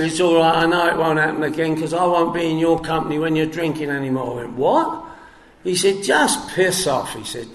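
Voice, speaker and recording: A man's voice: on the high side, reverberant. An older man from England with a London accent, giving a rambling personal testimony at a recovery meeting. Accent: London English. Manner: rambling storyteller, acts out both sides of a phone call.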